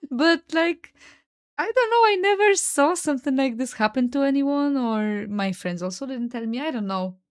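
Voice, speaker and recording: A woman's voice: sits high, lively intonation, moderate pace. A young woman with a Polish accent, hosting a podcast and telling stories in a chatty way, peppered with "like" and "no?" and swearing. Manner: chatty, lots of "like" and "no?" tags, swears freely. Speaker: podcast host. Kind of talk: casual storytelling monologue.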